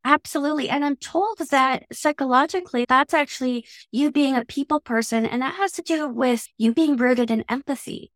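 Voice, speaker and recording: A Canadian woman with a Canadian English accent, a guest in an interview, talking in a thoughtful, measured way. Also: high voice, a bit bright, dry recording, studio quality. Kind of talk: reflective conversational interview.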